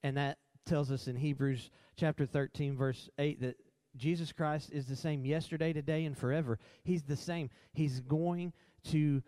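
A man's voice: on the high side, fairly even intonation, normal speed, dark tone, no echo. A man co-hosting a church talk in a worship center, upbeat and affirming with a preacherly style.

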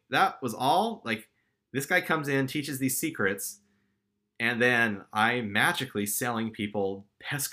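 A man's voice: mid-range voice, pushed and bright. A young man casually telling a personal story with candid, self-deprecating humor. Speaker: storyteller recounting his career.

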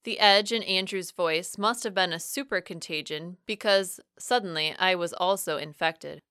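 A young adult woman reads a first-person audiobook with expressive shifts in pitch and loudness. Her voice is bright, crisp and smooth. The sound is dry and close. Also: moderate pace, no room sound. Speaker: audiobook narrator.

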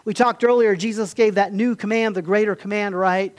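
A man delivers a sermon in a high voice. He tells the stories with building passion, climbs to forceful peaks, then drops back to soft, conversational retelling. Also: steady tone, a little fast. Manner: impassioned, rising to emphatic peaks then dropping quiet. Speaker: pastor.

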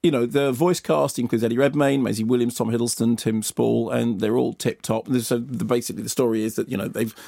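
A man's voice: mid-range voice, steady tone, fairly quick, gravelly, few pauses, mellow, no echo, studio quality. A man reviewing films on a radio show, rambling and digressive, telling stories with animation. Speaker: film critic and co-host. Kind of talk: radio film review chat.

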